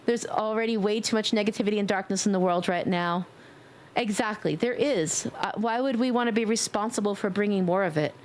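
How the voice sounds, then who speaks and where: A woman with a New York accent chatting warmly with viewers on a live stream, giggly and affectionate, calling people sweetie. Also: mid-range voice, fairly quick. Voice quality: warm, affectionate toward chat. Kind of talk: casual live-stream chat.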